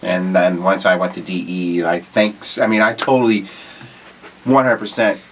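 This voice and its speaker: A man's voice: low-pitched, flat delivery, normal speed, a bit bright, a little hiss or hum. Emphatic rambling male chiropractor. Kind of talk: casual chat.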